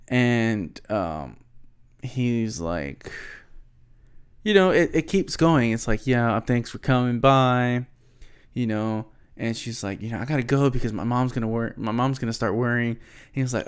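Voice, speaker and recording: A man's voice: medium pitch, expressive, unhurried. A man in casual commentary, reading song lyrics aloud and reacting with rambling disbelief and many fillers.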